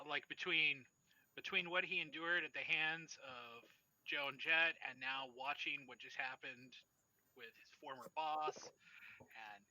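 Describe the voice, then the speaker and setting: Guy gm narrating a tabletop game, super bright voice, rambly with lots of ums and likes. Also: mid-range voice, poor audio. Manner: loose, searching narration with many fillers. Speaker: game master.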